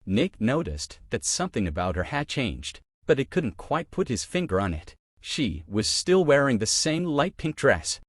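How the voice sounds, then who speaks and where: A man narrating a love story with an expressive, emotional reading. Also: medium pitch, normal speed, few pauses, dry recording, studio quality.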